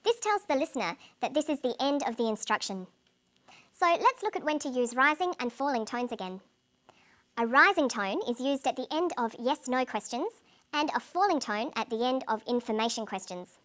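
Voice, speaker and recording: Woman english teacher, higher voice, clear scripted explaining. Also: a bit bright. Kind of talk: scripted lesson narration.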